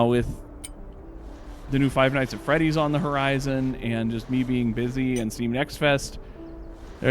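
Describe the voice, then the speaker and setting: A male host talks his way through a cozy indie game, chatty and loose, tripping over his words and restarting often. His voice sits at an ordinary middle pitch on a close desk mic at home. Soft game music plays quietly underneath. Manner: chatty, with frequent stammered restarts. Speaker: let's play host. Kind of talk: casual gameplay commentary and reading game text aloud.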